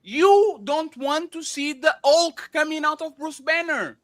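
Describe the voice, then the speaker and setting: A man's voice: very high voice, unhurried, a bit bright. A man hosting a podcast, arguing emphatically in a heated debate, interrupting and repeating himself.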